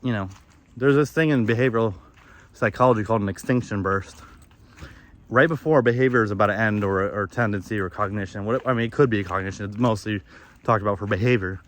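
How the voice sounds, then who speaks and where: A man's voice: fairly low pitch, fast talker, fairly bright tone. A young man outdoors in the woods, rambling candidly and profanely through a confessional monologue, often restarting his sentences. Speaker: vlogger.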